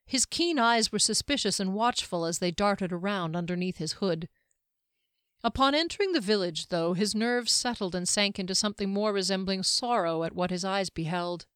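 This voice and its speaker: A woman reading a fantasy novel aloud in a steady, even storytelling manner. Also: medium pitch, normal speed, clean tone, no room sound, clean studio sound. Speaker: audiobook narrator. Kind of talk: scripted fantasy narration.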